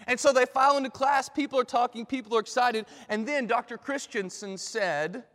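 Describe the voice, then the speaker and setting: A man telling a dramatic illustration story in a sermon, in an animated way. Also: very high-pitched, fairly quick. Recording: long hall reverb.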